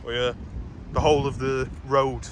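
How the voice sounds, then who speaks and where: Strolling down a street, a twenty-something British man tells exasperated stories in a swearing, casual vlog rant. His mid-range voice holds a level tone at normal speed, with slight background noise.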